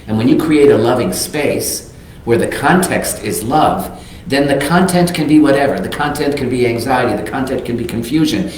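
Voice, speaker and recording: A minister preaching in a strongly echoing sanctuary, his voice at a middle pitch for a man. He tells a personal story with animated storytelling and acts out the people he quotes. A faint low rumble sits under the voice. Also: moderate pace. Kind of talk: storytelling sermon. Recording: very echoey hall.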